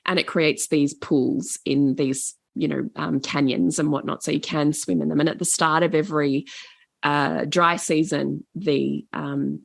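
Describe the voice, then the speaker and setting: A woman in her forties with an Australian accent, a podcast guest telling family travel stories in a lively, casual way, swearing freely. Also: low-pitched, a little slow, creaky, no echo, studio quality. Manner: animated, swears casually, laughs often. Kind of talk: casual storytelling.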